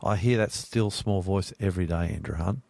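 A man's voice: deep voice, a little fast, gravelly, darkish tone, dry recording. A man hosting a radio Bible study chat, earnest and growing emphatic as he preaches. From Australia. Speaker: radio host.

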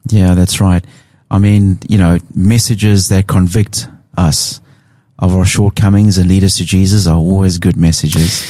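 South African male pastor, very deep and warm, brief agreeable answers, dry studio mic. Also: little pitch movement, a little slow, no room sound. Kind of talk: radio interview. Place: radio studio.

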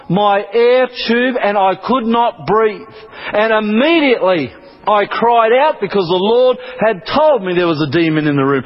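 Preacher guy, high pitched and kinda husky, earnest dramatic testimony. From Australia. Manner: earnest, dramatic storytelling with repeated phrases. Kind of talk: sermon testimony. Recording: dull lo-fi recording.

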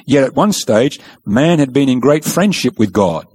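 Lively preaching man, emphatic. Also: medium pitch, moderate pace, slightly rough. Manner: emphatic storytelling, asks rhetorical questions. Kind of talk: sermon.

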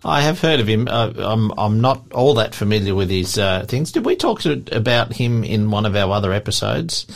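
A man's voice: lowish voice, very animated, moderate pace, creaky, hardly any pauses. A man co-hosting a chat show, asking short questions and giving brief replies. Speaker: co-host. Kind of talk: casual chat.

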